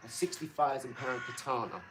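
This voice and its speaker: A man's voice: mid-range voice, a little fast, noisy background. Boastful man chatting live. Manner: boastful, chatty, talks straight to viewers. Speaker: live stream host and boxer. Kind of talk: casual live stream chat.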